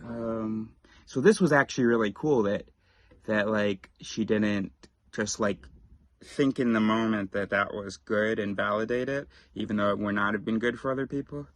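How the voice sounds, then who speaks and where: A man vlogging, telling a story in a rambling, casual way with quick asides and restarts. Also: lowish voice, steady tone, no room sound.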